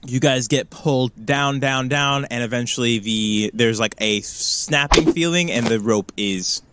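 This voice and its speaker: A man's voice: mid-range voice, unhurried, fairly bright tone, slight background noise. A man narrating as game master of a tabletop game, easygoing, with hesitant fillers and chuckles.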